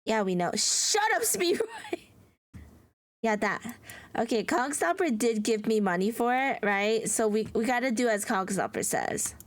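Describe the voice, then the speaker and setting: A woman's voice: on the high side, lively intonation, moderate pace. A woman streamer in casual livestream chat, playful and giggly as she answers her viewers, with mock-whiny dramatic teasing.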